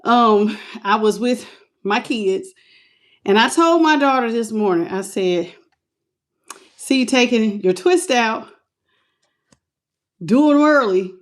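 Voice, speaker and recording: A middle-aged woman hosting a live tarot stream, chatting casually and warmly calling her viewers "baby" while out of breath. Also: fairly high pitch. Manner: chatty, affectionate, calls viewers "baby" and "y'all".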